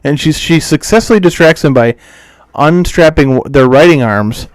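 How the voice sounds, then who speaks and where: A man co-hosting a horror podcast, casually recapping a film and acting out the characters' lines in quick quotes. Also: fairly high pitch, dry recording. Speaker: podcast co-host. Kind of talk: casual movie recap chat.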